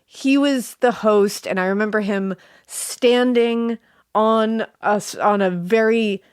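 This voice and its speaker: A woman's voice: on the high side, takes it slowly, clean tone, dry recording, studio quality. Giggly woman co-hosting a podcast. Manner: bubbly, giggly, playful. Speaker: podcast co-host. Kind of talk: casual chat.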